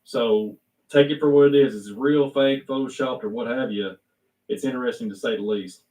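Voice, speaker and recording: A male host in loose, rambling chat who keeps correcting himself and filling gaps with "you know." His voice is mid-pitched and sounds a little far from the mic. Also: normal speed, darkish tone. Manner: rambling, self-correcting, full of fillers. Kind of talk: casual talk-show chat.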